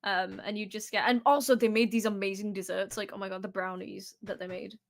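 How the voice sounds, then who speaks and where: A woman's voice: medium pitch, fairly even intonation, brisk. A young woman, a singer, guesting on a stream and chatting casually with a rambling flow. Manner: rambling with many fillers and restarts. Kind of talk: casual chat.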